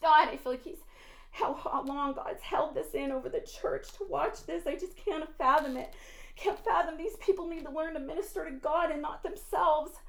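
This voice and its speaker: A young woman with a high voice preaches a fiery sermon. She drops into low, intense scolding, then breaks into loud, laughing outbursts. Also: normal speed, gravelly. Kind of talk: impassioned sermon.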